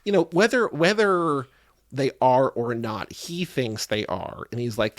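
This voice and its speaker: A man co-hosting a podcast in casual chat, animated and acting out his own reactions. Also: medium pitch, unhurried, dry recording, studio quality. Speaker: podcast co-host.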